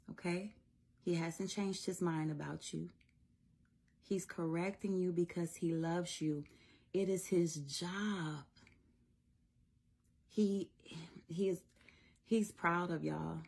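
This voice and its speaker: A woman with a low, gravelly, slightly husky voice speaks casually about faith like a reassuring mother. Her tone is mellow and earnest, and she laughs easily between thoughts. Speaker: faith content creator. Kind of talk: casual devotional encouragement.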